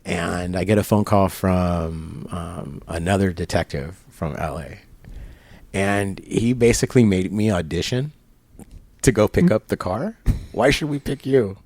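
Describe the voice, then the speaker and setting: Deep and a little mellow, his voice moves at a slightly slow pace with no echo. As an interview guest at a barber shop, he relates a long tale in relaxed talk, playing both sides of phone calls through quoted speech and laughter.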